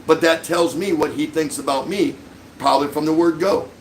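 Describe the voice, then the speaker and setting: A man's voice: on the high side, moderate pace, slight background noise, low-quality recording. A middle-aged man hosting a livestream, delivering an angry, sarcastic rant full of insults. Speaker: livestream host.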